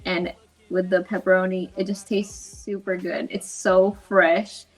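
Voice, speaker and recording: A woman's voice: fairly low pitch, level tone, measured pace, rough recording. A woman co-host chatting casually and eagerly recommending a local spot, with lots of fillers. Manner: enthusiastic, filler-heavy recommending. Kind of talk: casual chat.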